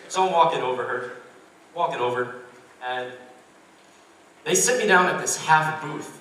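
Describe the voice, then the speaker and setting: A young man doing a stand-up comedy set, deadpan and self-deprecating, with lots of "like" fillers. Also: fairly high pitch, normal speed, long pauses, a little hiss or hum. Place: university comedy club stage. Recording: echoey room, mic far off.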